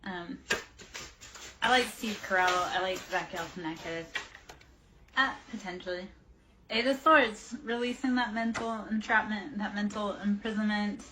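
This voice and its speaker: A woman's voice: mid-range voice, normal speed, pushed and bright, a little hiss or hum. A woman in her forties hosting a livestream tarot reading, chatting casually with viewers and drifting off on tangents. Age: 40s. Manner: chatty, rambling, goes off on tangents while answering chat. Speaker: tarot reader and livestream host.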